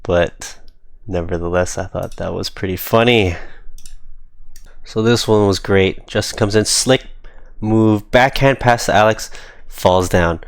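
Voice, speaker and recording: Slow, low-voiced man breaking down hockey footage. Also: clean tone, no echo. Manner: easygoing, amused play-by-play with chuckles. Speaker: amateur hockey player reviewing game footage. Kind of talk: casual game film review commentary.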